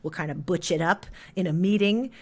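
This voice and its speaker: A trans non-binary voice teacher in an interview, explaining how voices are shaped and demonstrating pitch and resonance shifts. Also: a little fast, a little mellow.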